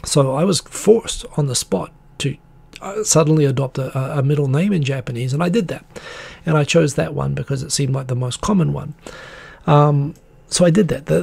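A man's voice: a little high, gravelly, a little mellow, husky. A man in his forties hosting a live talk stream, telling a story in casual chat with lots of restarts and fillers.

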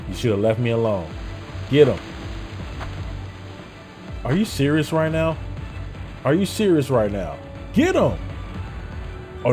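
A young man streaming a video game, loudly and excitedly talking back to the characters on screen in casual, swearing slang. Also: mid-range voice. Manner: loud, animated, talks to game characters. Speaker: gameplay streamer. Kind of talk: excited gameplay commentary.

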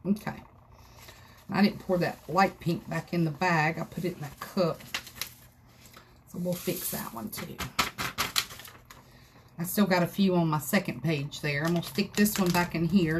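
A woman's voice: fairly low pitch, moderate pace, pauses often. Woman w/ doing a live craft tutorial, chatty and folksy, faint hum from her craft room. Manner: chatty, folksy, talks to viewers as she works. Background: dogs scratching in another room.

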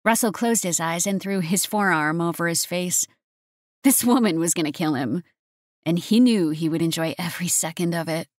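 A woman narrating a romance audiobook in a steady, even reading voice. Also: lowish voice, moderate pace, no echo, studio quality.

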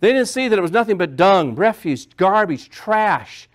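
A man's voice: high voice, very animated, moderate pace. A male pastor preaching a sermon, repeating phrases and building emphasis as he goes.

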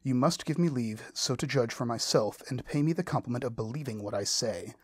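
A man reading the lines of a spirited young woman firmly refusing a proposal, with a husky voice. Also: medium pitch, fairly quick, dry recording, natural voice. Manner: firm and exasperated refusal.

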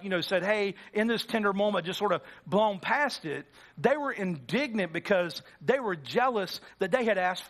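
Pastor guy with a high voice, chatty sermon, acts out the quotes. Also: fairly bright tone. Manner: conversational preaching, acts out quoted lines.

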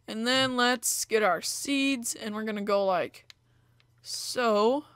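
Young female let's-play host, rambling casual commentary, slightly high voice, dry close sound. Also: slow, a bit bright, clean tone, no echo. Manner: chatty, rambling, many fillers like "like" and "you know". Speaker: gaming video host.

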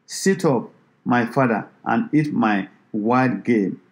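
A man reading as pleading Esau, low and slow. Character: grieving adult male Bible hunter, pleading.

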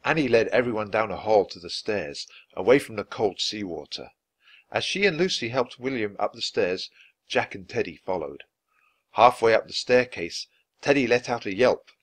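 A man reading a children's book aloud, clear and expressive, at an easy pace for learners. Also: fairly low pitch, normal speed, dry recording. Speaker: storybook reader.

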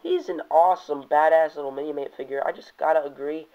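A young man rambles through a casual toy review, swearing offhandedly. His voice sits a bit high. The sound is dull and lo-fi, like an old home video. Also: fairly even intonation, quick pace. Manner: rambling, reads comic panels aloud in put-on voices, curses casually.

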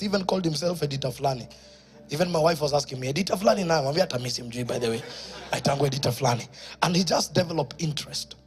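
Kenyan pastor guy preaching in church, pretty high voice, goes from quiet stories to loud calls. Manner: preaching that rises from quiet storytelling to loud exhortation. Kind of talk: sermon.

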